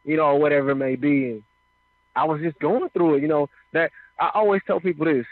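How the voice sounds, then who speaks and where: Here a man with a voice on the high side speaks briskly and without echo, telling his own story in easygoing testimony. He frequently throws in "you know what I mean." The sound is dry and phone-like, much like radio.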